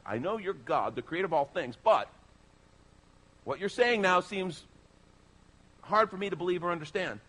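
A male pastor preaches with emphatic, persuasive energy. His voice sits a bit high and swings widely, dropping low and quiet before rising again. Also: moderate pace. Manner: animated, emphatic preaching with sweeping pitch. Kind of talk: sermon.

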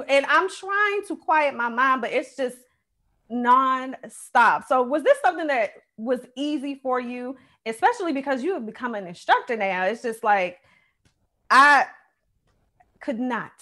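A woman hosting a casual chat, expressive and quick to laugh along. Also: sits high. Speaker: host.

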